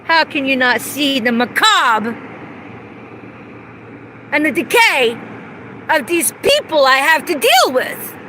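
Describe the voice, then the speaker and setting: A woman's voice: high-pitched, sing-song, slow, pauses often, sharp tone, slight background noise. A woman ranting angrily and profanely in a livestream, speaking into a phone while outdoors in the cold. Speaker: vlogger. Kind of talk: angry livestream rant.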